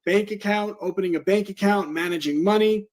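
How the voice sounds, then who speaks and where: A man's voice: sits high, brisk, darkish tone. A man, a home school educator, giving an interview and explaining at length with frequent "um" fillers. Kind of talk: interview talk.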